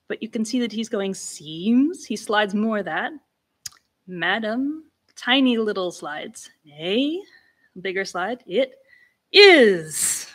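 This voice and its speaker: A woman giving an academic lecture-recital, talking casually with restarts and breaking into sliding, exaggerated inflections to demonstrate old speech styles. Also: mid-range voice. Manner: demonstrates speech inflections with sung-like slides and exclamations; conversational, with restarts. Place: lecture room.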